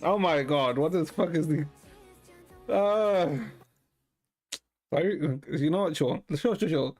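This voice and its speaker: A man streaming and chatting with viewers in a deadpan, rambling way, swearing now and then. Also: fairly high pitch, slow pace, soft background music. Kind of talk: casual chat with viewers.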